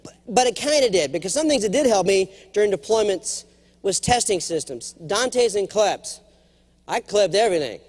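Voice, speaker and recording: A man in his forties giving a humorous conference keynote, telling stories and jumping into acted quotes. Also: normal speed. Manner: animated storyteller, jumps to high acted quotes. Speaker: keynote speaker. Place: large conference hall.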